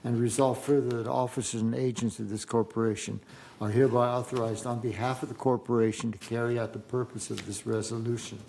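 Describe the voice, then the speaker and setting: Mellow-voiced man reading a formal resolution. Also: medium pitch, little pitch movement, a little fast, vocal fry, a little hiss or hum, rough recording. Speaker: board director. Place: boardroom meeting.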